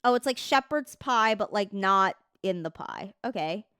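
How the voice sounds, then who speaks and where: A woman livestreamer in casual chat, reading text aloud at an unhurried pace. Her voice is smooth and clear, recorded close and dry with no room sound. She swears easily and trips over words as she reads. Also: medium pitch, lively intonation, pushed and bright, no room sound.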